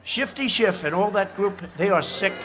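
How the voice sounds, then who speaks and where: A man's voice: high-pitched, animated, moderate pace, very noisy. A man giving a campaign speech at a rally, boastful and sarcastic, drifting off into rambling asides. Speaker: politician addressing a rally. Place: large rally venue. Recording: loud cheering crowd at a rally.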